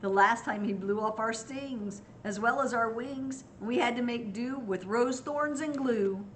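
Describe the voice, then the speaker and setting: A woman's voice: on the high side, a little slow, a bit bright, slight background noise. An older woman voicing a swarm of fretful bees in a storybook, complaining and pleading.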